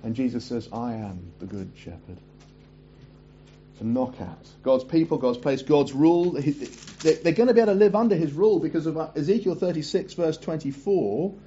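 A man preaching a sermon, reading scripture aloud and breaking off for chatty asides and quick self-corrections. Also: on the high side, mellow, lo-fi sound, a little hiss or hum.

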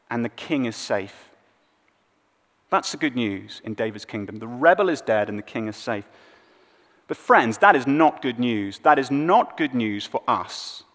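A man preaching a sermon, swinging between loud emphatic lines and hushed low ones. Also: big-room sound. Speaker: pastor.

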